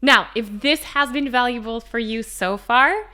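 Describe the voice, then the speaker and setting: Animated woman teaching singing. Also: a little high, unhurried. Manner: animated, emphatic teaching with rhetorical questions. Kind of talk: explaining lesson to camera.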